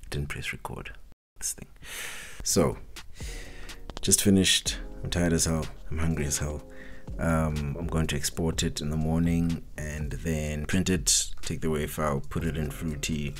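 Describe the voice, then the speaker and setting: South african man, very deep voice, casual rambling vlog talk, self-deprecating, phone mic, music playing behind. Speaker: independent hip hop artist. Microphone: cell phone.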